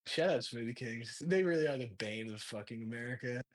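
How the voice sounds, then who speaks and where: A man, a stand-up comedian guest, telling an animated story with laughs and acted-out quotes. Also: mid-range voice, a little fast. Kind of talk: casual storytelling.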